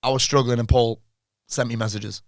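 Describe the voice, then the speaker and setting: A man's voice: medium pitch, steady tone, a little fast, no echo, clean studio sound. A man mentoring a business client in a casual interview, blunt, swearing freely and laughing often.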